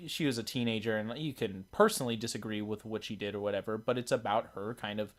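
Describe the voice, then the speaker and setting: A podcast co-host with a fairly low voice and quick pace rambles through a casual chat about video games, full of fillers and restarts.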